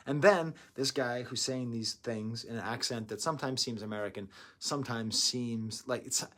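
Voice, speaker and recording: A man giving a casual album review, rambling into excitable asides. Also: medium pitch. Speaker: music reviewer.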